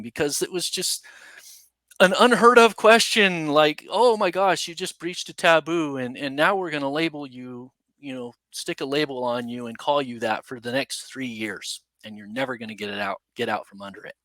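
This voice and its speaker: A man guesting on a podcast, telling a story casually in a rambling, animated way full of asides. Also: a little high, no room sound. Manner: animated, rambling, with many "you know" and "right?" asides.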